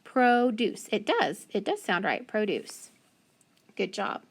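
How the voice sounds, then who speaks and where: A woman teaching a phonics lesson, slowly and patiently sounding out letters and syllables. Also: medium pitch, huge pitch swings, a bit bright, breathy edge.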